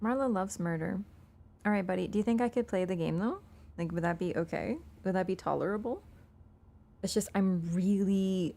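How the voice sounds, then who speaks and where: A woman game streamer chats casually on a live stream, playful and talkative, laughing easily and speaking to her cat between lines. Her voice is mid-range, creaky and dark-toned, at a normal speed. She wears an earbud headset.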